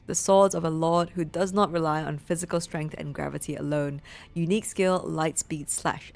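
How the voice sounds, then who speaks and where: A woman's voice: low voice, creaky. A young woman streaming a game, gushing and emotional in casual commentary, swearing freely and reading item text aloud. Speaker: gameplay streamer. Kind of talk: excited gameplay commentary.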